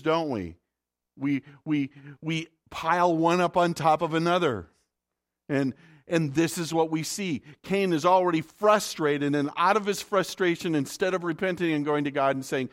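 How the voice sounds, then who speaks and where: A man's voice: on the high side, moderate pace. A male pastor preaching a sermon in a conversational way, often asking the congregation rhetorical questions.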